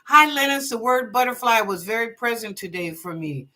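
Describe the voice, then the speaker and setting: A woman's voice: fairly high pitch, lively intonation, normal speed, sharp tone. A woman hosting live online psychic readings. She reads viewers' questions aloud, then interprets them in a chatty, easygoing way, laughing often and blessing her callers. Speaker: psychic reader and show host.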